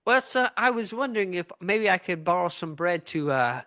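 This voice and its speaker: A man's voice: high voice, sing-song, moderate pace, bright, forceful tone, no room sound, clean studio sound, full character voice. A man improvising a haughty, upper-class male dog trainer with a put-on British accent that slides into Australian, speaking with condescending mock politeness. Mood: snooty, mock-polite. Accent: put-on British drifting to Australian. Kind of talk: improv comedy sketch.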